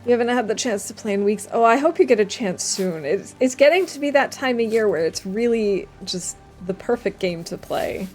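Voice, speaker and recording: A young adult woman streamer chatting casually while playing a game, reading chat aloud and dropping quiet asides. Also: a little high, expressive, normal speed, hardly any pauses, faint music behind. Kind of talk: casual gameplay commentary.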